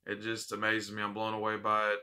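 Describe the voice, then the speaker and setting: A man's voice: fairly low pitch, completely flat delivery, brisk, bright, forceful tone. A man hosting a casual unboxing vlog, heartfelt and rambling, repeating his thanks. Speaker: vape channel host.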